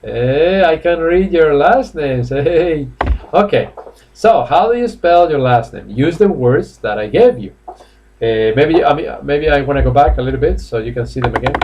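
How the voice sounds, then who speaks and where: Over some background noise, a medium-pitched male voice teaches English live online. He's from Spain and has a Spanish accent, coaxing his students in a chatty way with plenty of fillers and laughs, from an indoor classroom or office.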